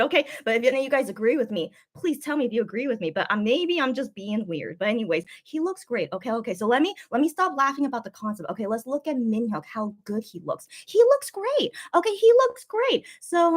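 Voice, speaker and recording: A woman chatting casually on a livestream as host, rambling and giggling, with lots of fillers and restarts, a little sick after a booster shot. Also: sits high. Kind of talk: casual live-stream chat.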